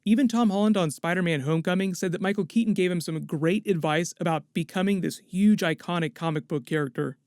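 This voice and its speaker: A man's voice: high-pitched, a little fast, hardly any pauses, a little mellow, dry recording, studio quality. A man hosting an online movie news show, breaking down rumors in a chatty, enthusiastic way. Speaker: host of a movie news channel.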